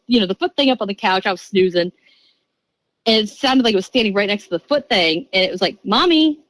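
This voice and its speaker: A lively woman in her thirties, telling a story as a podcast guest at a middle pitch. She rattles along in quick chatty bursts and acts out every quoted voice. The sound is close and dry, with no room around it. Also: no echo, rough recording. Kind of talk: casual storytelling.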